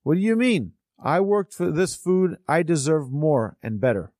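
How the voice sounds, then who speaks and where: A starving, furious drifter, as a man puts him on bellows for more food in a raised, strained voice well above the teller's usual pitch. He shouts and demands. The sound is dry and close. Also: very animated, measured pace, no echo. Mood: angry, shouting.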